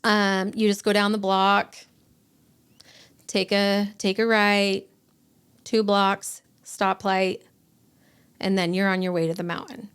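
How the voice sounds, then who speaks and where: Middle-aged woman guest, emotional storytelling, acts out dialogue, mid-pitched voice. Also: little pitch movement, slow, pauses often, a bit bright, clear, resonant tone. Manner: short, fragmented sentences. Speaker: guest, bereaved mother. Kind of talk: personal storytelling in a podcast interview.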